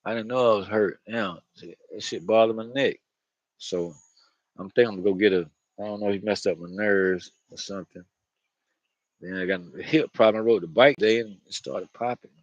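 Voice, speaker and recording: A man's voice: on the low side, normal speed, dry recording, highs cut off. A man talking to camera outdoors in a loose, rambling monologue, slangy and profane, often laughing. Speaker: vlogger.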